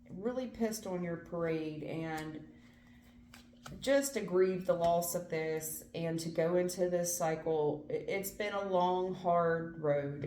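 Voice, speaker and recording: A woman's voice: fairly low pitch, mellow, reverberant, slight background noise. A woman doing a casual tarot reading, earnest and emphatic, repeating phrases and swearing now and then. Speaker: tarot reader.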